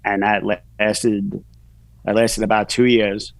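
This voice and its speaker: A man's voice: fairly low pitch, little pitch movement, a little slow, vocal fry, no echo, low-quality recording. A man, a podcast guest telling his story candidly in casual talk, full of "you know" fillers. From New York.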